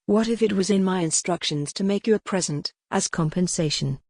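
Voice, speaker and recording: A stern, blunt male lawyer from a classic novel audiobook, voiced by a synthetic woman. The delivery is low-pitched and even. The recording is dry and close. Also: a little fast, no echo. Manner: even, machine-read delivery.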